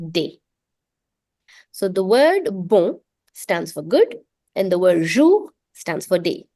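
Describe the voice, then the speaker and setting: A woman teaching French in an online class, explaining things patiently and repeating words slowly so that students can say them after her. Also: medium pitch, mellow, no echo. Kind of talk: online language lesson.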